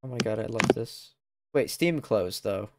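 A man's voice: on the low side, expressive, moderate pace, heavy background noise. A young man hosting a livestream, talking in a flustered, scattered way with restarts and swearing. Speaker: streamer. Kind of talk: casual chat on a livestream.

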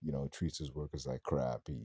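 Low, husky-voiced man rambling about a film. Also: little pitch movement, brisk, warm tone, no room sound. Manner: rambling, slangy, swears freely. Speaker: movie reviewer. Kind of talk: casual spoken film review.

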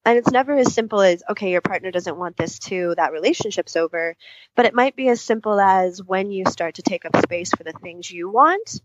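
A woman's voice: mid-range voice, a little fast, dry recording, lo-fi sound. A woman couples therapist answering interview questions at length, thoughtful, often voicing what clients might say to themselves. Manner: thoughtful, explains at length with spoken-out inner voices.

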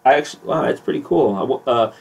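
A young man rambling through a comedic podcast chat, laughing easily as he goes. His voice sits at an ordinary pitch and sounds a little set back from the mic. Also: fast, vocal fry, a little mellow, breathy edge, distant mic. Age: young adult. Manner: jokey, laughs often, rambling. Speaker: podcast host.

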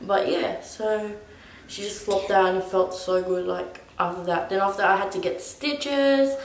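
A woman's voice: medium pitch, measured pace, gravelly, a little hiss or hum. A young woman casually telling a personal story as a vlogger, rambling with lots of "like". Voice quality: rambling, full of "like". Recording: echoey room.

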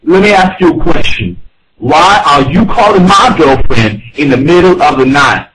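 A demanding prank caller fires accusations down the line. His pitch is slightly raised and swings widely from phrase to phrase. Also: expressive, normal speed, a bit bright, slight background noise, rough recording. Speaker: prank caller posing as angry boyfriend. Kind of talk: prank phone call.

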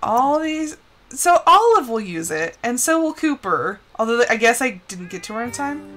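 Lively chatty woman streamer. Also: on the high side, moderate pace, faint music behind. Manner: chatty, laughs often, talks to the characters. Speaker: streamer playing a life-simulation game. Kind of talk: casual live-stream commentary.

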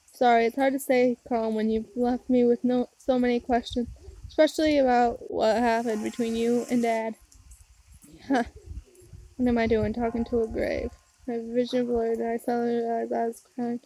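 A woman's voice: a little high, dark tone. A young woman reading a visual novel aloud, narrating and voicing the heroine with earnest emotion. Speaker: game player reading aloud.

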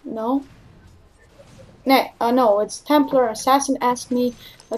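A woman commentating her own video game match, excitable and profane, trash-talking and bursting into shrieks. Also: fairly high pitch, unhurried, pauses often. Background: faint keyboard and mouse clicking.

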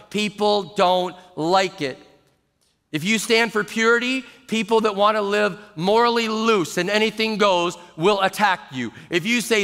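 Animated pastor preaching in a big hall. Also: male voice, high-pitched. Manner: animated, acts out quoted people in shifting voices. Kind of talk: sermon. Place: large church auditorium. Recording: long hall reverb.

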